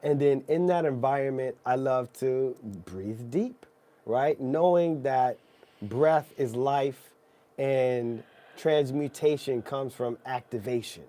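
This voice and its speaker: Man hosting a chat, warm mellow voice, thoughtful, keeps asking right?. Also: medium pitch, takes it slowly. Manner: reflective, often adds "right?". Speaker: host. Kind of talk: casual conversation.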